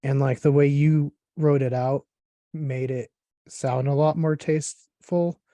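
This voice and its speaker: A man hosting a casual interview, talking in a relaxed, rambling way with lots of fillers. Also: fairly high pitch, a little slow, dry recording. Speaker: podcast host.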